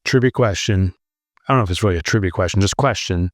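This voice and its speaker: A middle-aged man from New Jersey co-hosting a podcast, chatting casually and telling animated stories. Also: sits low, quick pace, no room sound. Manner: animated storyteller, mimics other people's voices. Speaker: podcast co-host. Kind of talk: casual chat.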